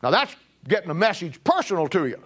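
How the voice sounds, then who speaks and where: A middle-aged man preaches, recounting his own story with a voice that sits high. He swings between emphatic, pushed peaks and low, quiet passages as he drives a point home. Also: very animated, quick pace. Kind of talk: sermon testimony.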